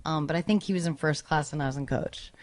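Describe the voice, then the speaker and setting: A woman's voice: sits low, fast. A woman guest on a podcast, casually telling a long embarrassing anecdote, rambling and interrupting herself. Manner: rambling, self-interrupting, animated when retelling. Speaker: podcast guest, former sketch comedy cast member.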